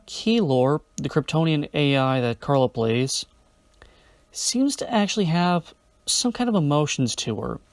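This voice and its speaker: A man reviews a film in a casual, enthusiastic way, adding wry asides. His voice sits at a middle pitch. The sound is close and dry, with no room echo.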